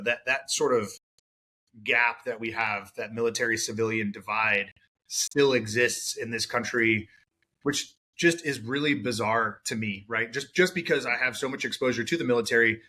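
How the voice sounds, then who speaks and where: A man hosts a podcast with a bright, forceful voice at a middle pitch. He talks in a thoughtful, loose way, with fillers as he thinks aloud. It is a relaxed interview. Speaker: podcast host.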